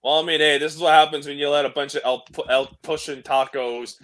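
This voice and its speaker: A man's voice: fairly high pitch, fairly even intonation, quick pace, fairly bright tone. A young man from Canada in a crude, rambling, profane casual chat on a late-night stream. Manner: rambling, profane, restarts a lot. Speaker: stream co-host.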